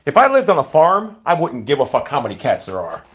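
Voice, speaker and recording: A middle-aged man talking in a casual, rambling monologue, blunt and full of swearing, often sinking to a low mutter. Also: wildly swooping pitch, quick pace, fairly bright tone. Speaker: vlogger.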